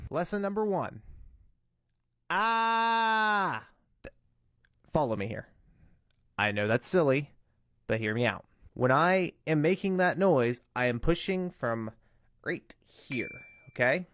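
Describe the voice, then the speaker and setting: A man's voice: medium pitch, animated, a little slow, long pauses, no room sound, studio quality. A man giving a casual step-by-step tutorial, earnest and cautious in how he explains. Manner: earnest, cautious, breaks into demo screams and whispers. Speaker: vocal tutorial maker.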